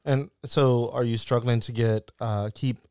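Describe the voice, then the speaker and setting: A man who interviews a guest in casual conversation, with short reactions and quick follow-up questions. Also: medium pitch, fairly even intonation, a little mellow, clear, resonant tone, dry recording, studio quality.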